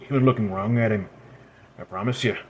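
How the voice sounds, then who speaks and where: A man voicing a sly, hardened immortal woman, who talks quietly in a dry and knowing way. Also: on the low side, brisk, slight background noise, lightly acted.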